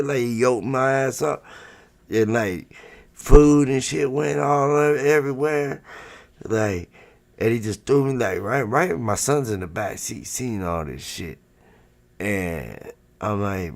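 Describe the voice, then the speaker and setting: A man's voice: medium pitch, measured pace, creaky. A man hosting a livestream, telling a story in a casual, rambling way, full of swearing and "you know what I'm saying". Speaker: livestream host.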